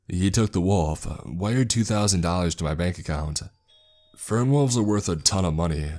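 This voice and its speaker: A man narrating a creepy story in first person with a steady, matter-of-fact delivery. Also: deep voice, unhurried. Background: faint background music.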